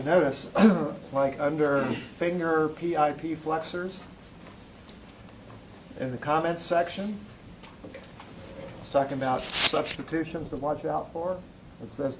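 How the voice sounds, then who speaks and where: A man's voice: fairly high pitch, a little hiss or hum, poor audio. Man teaching a hands-on anatomy class. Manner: questioning students, demonstrating on a volunteer. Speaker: physical therapy instructor. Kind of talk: classroom demonstration lecture.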